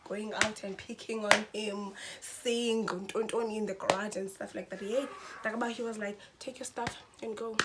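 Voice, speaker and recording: A young woman tells a storytime vlog in an animated, dramatic way and keeps talking straight to her viewers. Her voice sits at a middle pitch, and there is faint background hiss. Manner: animated, dramatic, mixes in slang and addresses viewers as guys. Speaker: vlogger.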